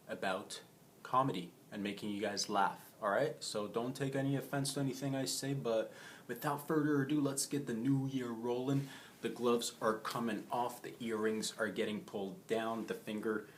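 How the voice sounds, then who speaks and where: A man's voice: medium pitch, a little hiss or hum. A young man hosting a comedy show, telling a brash, jokey monologue and calling his audience bros.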